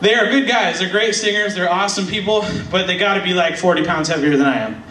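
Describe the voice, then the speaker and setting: A man's voice: high-pitched, fast talker. A young man doing stand-up comedy in a church hall, rambling and self-deprecating, laughing at his own jokes and running out of breath. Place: church hall with live audience. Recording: echoey hall, mic heard from far off, audience noise.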